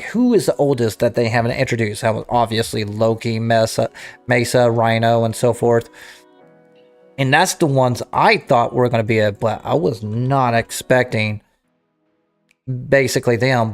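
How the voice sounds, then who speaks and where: A man streaming a game, chatting casually with his viewers and thinking aloud as he restarts his sentences. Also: mid-range voice. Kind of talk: casual livestream chat to viewers.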